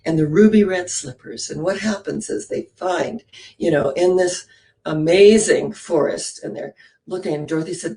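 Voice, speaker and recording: A woman minister giving a sermon, telling a story with lively rhetorical questions and sudden drops to a hushed, breathy near-whisper. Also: lowish voice, moderate pace.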